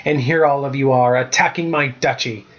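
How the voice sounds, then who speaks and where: A man's voice: mid-range voice, fairly even intonation, normal speed, highs cut off, close to an everyday voice. A man voicing a sour, grumbling young noble in a storybook reading.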